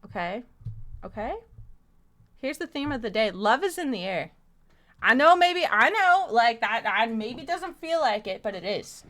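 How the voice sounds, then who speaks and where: Brief: woman streamer, bright tone, fairly high voice, loose profane chat to her audience. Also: big pitch swings, measured pace. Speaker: live streamer. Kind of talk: casual live-stream chat with viewers.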